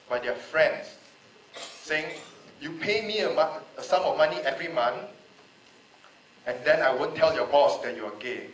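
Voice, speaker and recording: A man's voice: a little high, slight background noise. A man from Malaysia giving an emotional, pleading speech in a public debate, repeating rhetorical questions. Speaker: panel speaker. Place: large echoey hall. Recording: echoey hall, voice a bit far off.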